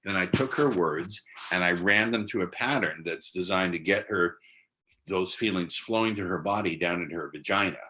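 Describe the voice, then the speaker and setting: A man in his sixties giving casual instruction as a dating coach from a side room at home, blunt and profane, slowing into a hypnotic cadence for his examples. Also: sits low, bright, forceful tone, a little hiss or hum. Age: 60s.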